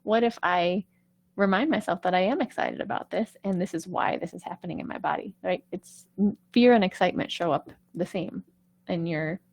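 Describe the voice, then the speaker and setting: Woman vocal coach, casual live-stream talk, vocal fry, dry close mic. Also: fairly low pitch, moderate pace, a little mellow, dry recording. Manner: chatty, reassuring, keeps asking "right?".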